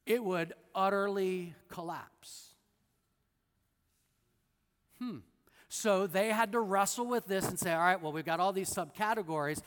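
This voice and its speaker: High-voiced preacher in a reverberant hall. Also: male voice, a bit bright. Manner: conversational teaching, wry asides, addresses listeners by name. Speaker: pastor. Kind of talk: sermon.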